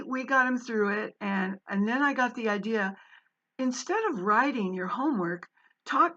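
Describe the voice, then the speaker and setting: A woman's voice: on the high side, a bit bright, highs cut off. A woman and former college English teacher telling a personal story in a casual, meandering way, with many fillers and restarts.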